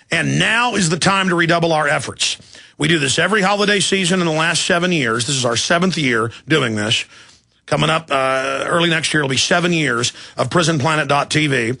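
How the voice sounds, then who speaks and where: A man's voice: a little high, vocal fry, sharp tone. A man hosting a talk radio show, delivering an emphatic, indignant monologue. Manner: emphatic, rapid-fire, indignant.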